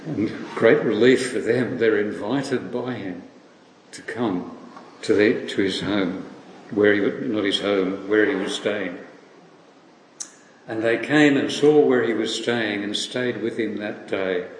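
Slow-speaking preacher in an echoey hall. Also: male voice, lowish voice, a little hiss or hum. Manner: slow, reflective, with rhetorical questions. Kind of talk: sermon. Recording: echoey hall with faint ambience.

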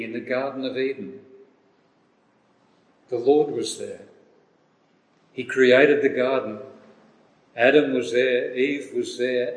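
Man, preacher, sermon, unhurried deliberate delivery, scripture reading, echoey room. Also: medium pitch. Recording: echoey hall with long reverb.

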